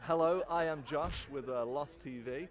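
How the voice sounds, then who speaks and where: A man's voice: on the high side, normal speed, a crowd in the background. Friendly male convention interviewer. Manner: friendly, hesitant with fillers, laughs easily. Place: outdoors at a fan convention. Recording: dull lo-fi sound.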